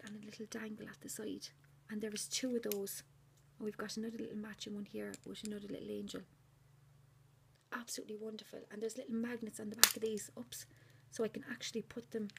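A woman, gushing over handmade gifts in a casual unboxing vlog and often dropping into a hushed whisper. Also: medium pitch, little pitch movement, fairly quick, creaky, slight background noise. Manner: repeats delighted exclamations. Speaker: crafter unboxing a swap gift.

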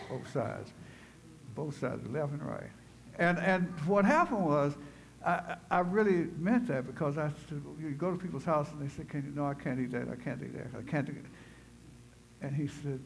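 In a church sanctuary, a pastor starts his sermon telling his story conversationally, then builds to fervent, emphatic preaching. His mid-range voice is gravelly, and the low-quality recording carries slight background noise.

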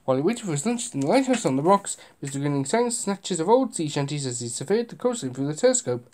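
Children's story narrator, expressive, lively pitch, chatty asides. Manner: expressive, slows for suspense, asides to listener. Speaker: reader. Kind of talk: reading a children's picture book aloud.

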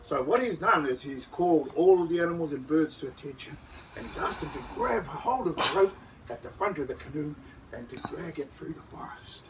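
A man telling a story to schoolchildren, dramatic, shifting from whispers to loud calls. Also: on the high side, lively intonation, a little fast. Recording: distant mic with background noise.

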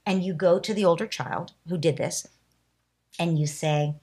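A woman being interviewed on a podcast as a parenting expert, calmly explaining and acting out what a parent and child might say. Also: lowish voice, normal speed, slightly rough. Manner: acts out parent and child lines, calm and explanatory.

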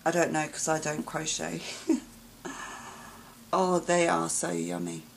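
A woman filming a craft gift unboxing vlog, gushing and gasping with delight and often dropping to a soft whisper. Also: deep voice, level tone, slow, gravelly, a little hiss or hum, rough recording. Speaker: craft vlogger.

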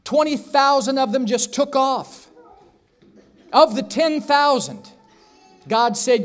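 A man's voice: very high voice, animated, slow, pauses often, faint music behind. A man preaching a sermon in a church, telling a story with acted-out voices and asking the congregation questions. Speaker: pastor. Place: church sanctuary.

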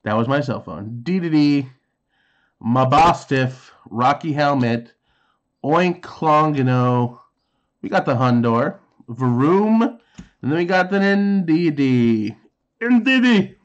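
A man's voice: medium pitch, animated, slow, muffled recording. A man in his thirties casually chatting while opening trading card packs, reading card names aloud and making sound effects. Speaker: card unboxing host.

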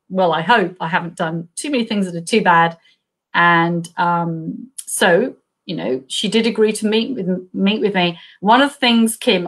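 Animated woman author telling a story. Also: mid-range voice. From Australia. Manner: animated storytelling, laughing often; acts out quoted voices. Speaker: crime thriller author. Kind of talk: live video chat interview. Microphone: video call.

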